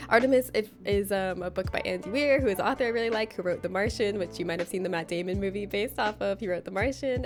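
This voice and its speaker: A woman livestreaming a game, chatting casually with viewers, rambling and giggling often. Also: mid-range voice.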